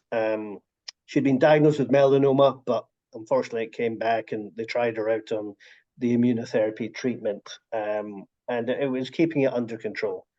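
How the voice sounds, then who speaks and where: Mellow-voiced man on a dull video call. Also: mid-range voice. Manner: warm storytelling, frequent restarts. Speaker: author and story collector. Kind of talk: casual video call chat.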